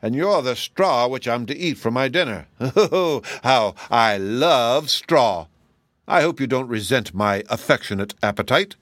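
A man putting on a slow growling hungry beast. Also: medium pitch, lively intonation, a bit bright, dry recording, studio quality. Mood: gloating. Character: huge hungry long-necked male beast, greedy but mild.

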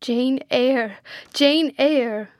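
A woman voicing a blind, commanding and desperate gentleman in an audiobook, speaking with impassioned, imperious urgency. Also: a little high, steady tone, a little slow, no echo, clean studio sound, close to an everyday voice. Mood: overwhelmed. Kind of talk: audiobook character reading.

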